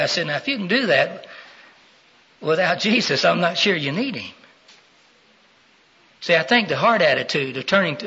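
A middle-aged man preaches, his voice husky yet bright and a little high. He questions his congregation and rises to loud, emphatic peaks. The recording sounds dull and lo-fi. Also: expressive, moderate pace, pauses often. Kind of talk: sermon.

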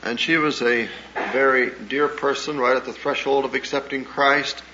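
A man giving a sermon-style talk as a pastor and counselor, telling stories in an earnest, measured way with small hesitations. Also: mid-range voice, fairly even intonation. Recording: dull lo-fi old recording with faint hiss.

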